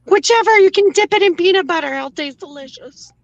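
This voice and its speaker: A woman in a casual video chat, playful and quick to react. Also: extremely high pitch, vocal fry, dry recording, highs cut off.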